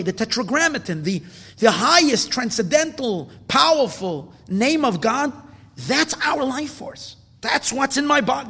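A high-pitched man gives a Hasidic Torah lecture, pronouncing his with an inflection. He swings from hushed, low reflection to loud, insistent preaching and doubles his words for emphasis. His voice carries a long reverb, as if in a large hall. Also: husky. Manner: builds from low, quiet musing to loud, emphatic exhortation; repeats words for stress. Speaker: rabbi teaching Torah.

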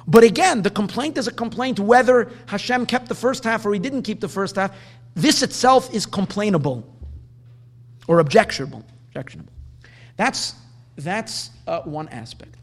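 High-voiced man giving a Talmudic lecture. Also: expressive. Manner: explanatory, drawing out Hebrew quotes slowly. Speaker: Torah teacher.

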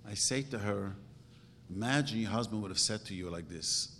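A man's voice: lowish voice, moderate pace, fairly bright tone, in a large hall, a little hiss or hum. A man giving an informal religious talk as a rabbi, earnest and emphatic, telling stories with sudden rising bursts.

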